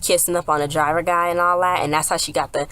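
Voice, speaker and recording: A woman's voice: fairly low pitch, level tone, quick pace, a bit bright, clean tone. A woman casually recapping a TV episode, rambling with lots of fillers and restarts. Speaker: TV episode reviewer.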